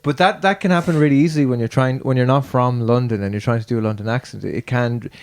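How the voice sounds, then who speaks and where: A man's voice: mid-range voice, quick pace. A man hosting a podcast in a loose, casual chat, rambling with lots of fillers and restarts. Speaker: podcast host.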